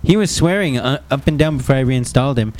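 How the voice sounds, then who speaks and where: A man's voice: mid-range voice, lively intonation, fast talker, background noise. A man hosting a podcast in casual chat, playful and laughing often. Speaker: podcast host.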